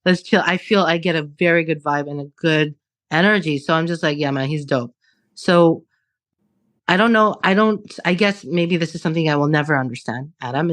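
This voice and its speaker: A woman in her late thirties in casual conversation, talking candidly, swearing often and laughing as she goes. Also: sits low. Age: 30s. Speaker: podcast co-host.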